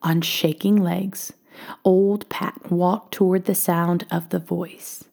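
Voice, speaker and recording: A woman reading a children's storybook aloud, expressive and often dropping to a hush. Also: fairly low pitch, takes it slowly, gravelly.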